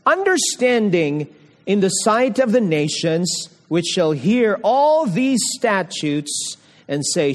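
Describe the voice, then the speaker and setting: High-voiced slow preacher, reverberant hall. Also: male voice. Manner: asks the congregation questions, repeats key words. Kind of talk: evening sermon with scripture reading.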